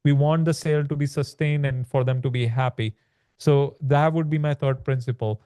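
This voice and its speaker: Smooth-voiced man explaining on a podcast. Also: medium pitch, fairly even intonation, moderate pace, dark tone, no echo, clean studio sound. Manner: explanatory, peppers speech with "like" and "right?". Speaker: podcast guest, land business author. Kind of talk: conversational podcast interview.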